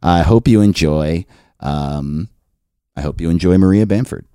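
A man hosting a podcast, talking in a rambling, self-deprecating, animated way. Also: low-pitched, measured pace. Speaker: podcast host. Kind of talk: casual monologue and chat.

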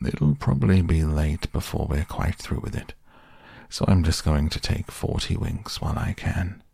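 A man voicing a wise old male badger who speaks in a dry, quiet way. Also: sits low, big pitch swings, moderate pace, vocal fry, slightly rough, no room sound, full character voice. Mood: matter-of-fact.

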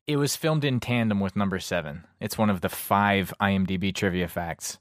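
A man's voice: sits low, normal speed, no room sound, studio quality. A man co-hosting a casual movie review podcast, joking and laughing often. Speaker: podcast co-host.

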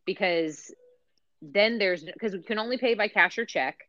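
A woman's voice: medium pitch, normal speed, fairly bright tone, dry recording, lo-fi sound. A woman on a podcast panel, chatting casually and explaining things as she thinks aloud.

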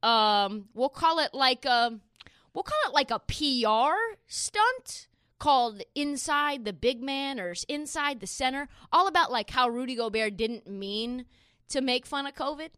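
A woman's voice: high-pitched, expressive, measured pace, sharp tone, clear, resonant tone, no echo, clean studio sound. A woman hosting a casual sports podcast, brash and playful, boasting and laughing often. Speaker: podcast host.

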